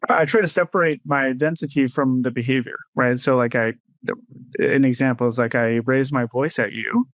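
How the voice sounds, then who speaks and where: A man's voice: medium pitch, fairly even intonation, moderate pace, a bit bright, dry recording. A man who coaches parents, explaining his views in a casual interview and often checking in with "right?". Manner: thoughtful, explanatory, frequent "right?" tags. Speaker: guest, clinical social worker and parenting coach.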